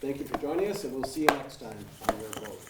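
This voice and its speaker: A man moderating a televised debate in a studio, relaxed and dotted with filler uh's. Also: mid-range voice, quick pace. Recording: echoey, distant mic, faint noise.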